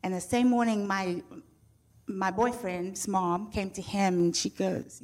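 An older woman from Zimbabwe shares her life testimony before an audience. Her voice sits at an ordinary middle pitch, and she tells the story in an animated way, with candid, self-teasing humor. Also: unhurried. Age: 60s. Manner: animated storyteller who acts out quoted voices; frank and self-mocking humor. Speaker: speaker sharing her testimony. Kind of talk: personal testimony told to an audience.

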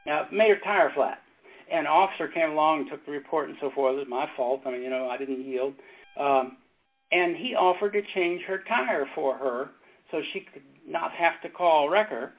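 A pastor and former Navy chaplain teaching a casual Bible study, telling stories in a rambling way, with halting restarts and frequent chuckles. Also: male voice, on the high side. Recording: tinny phone-like sound with faint noise.

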